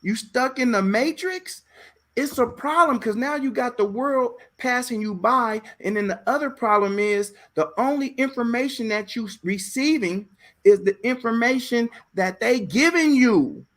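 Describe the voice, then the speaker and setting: A man hosting a casual talk show, telling stories in an animated way, repeating phrases and acting out voices. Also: very high voice, normal speed. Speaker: podcast host. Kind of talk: casual chat.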